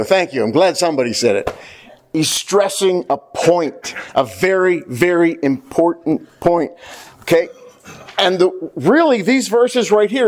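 A man preaching a sermon to his church, animated and stressing repeated key words. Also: sits high. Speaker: pastor.

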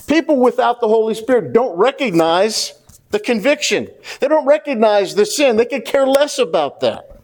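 High-voiced earnest preacher man. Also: darkish tone. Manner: earnest preaching, repeats key phrases for emphasis; addresses the congregation directly. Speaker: pastor. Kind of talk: sermon.

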